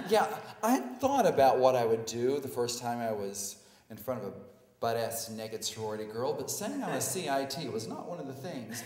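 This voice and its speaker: A man telling a personal story live on stage, animated and self-mocking, acting out the scenes. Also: mid-range voice, normal speed. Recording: echoey hall, live stage.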